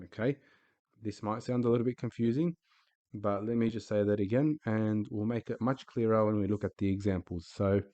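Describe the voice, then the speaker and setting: Patient man teaching in a mellow voice. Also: fairly low pitch, fairly even intonation, no room sound, highs cut off. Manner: patient, repeats example words slowly. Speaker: Arabic teacher. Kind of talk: recorded teaching voice-over.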